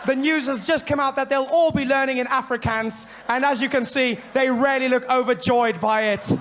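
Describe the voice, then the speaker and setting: Guy putting on a bright loud news reporter voice, chipper and high. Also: fairly even intonation, normal speed. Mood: cheery. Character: chipper male foreign TV news correspondent.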